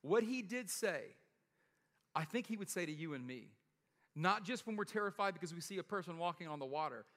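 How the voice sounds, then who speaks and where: A man gives a sermon like he's telling stories to friends, laughing and asking "right?" as he goes. His voice sits high and sounds bright. A long reverb trails after him, as in a large hall. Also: expressive, brisk. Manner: casual, joking storyteller with frequent laughs and "right?". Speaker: pastor.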